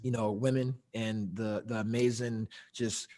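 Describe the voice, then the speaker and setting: A man's voice: on the low side, flat delivery, a little slow, dark tone. Profane, laughing man hosting a podcast. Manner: loose, profane, laughing storyteller. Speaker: podcast host. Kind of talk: casual podcast chat.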